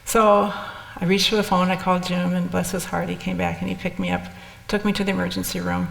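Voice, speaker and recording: A woman's voice: lowish voice, lively intonation, fairly quick, vocal fry, a little hiss or hum. An older woman telling her personal story in a candid, rambling way, with restarts and asides. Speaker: speaker sharing experiences. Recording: echoey hall with long reverb.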